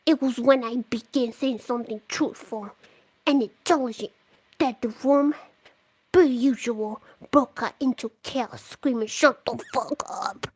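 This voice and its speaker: A woman reading a listener's letter aloud on a podcast, with expressive delivery, now and then tripping over a word. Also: on the high side, unhurried, husky, rough recording. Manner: expressive reading, slipping up and swearing at her mistakes. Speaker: letter reader.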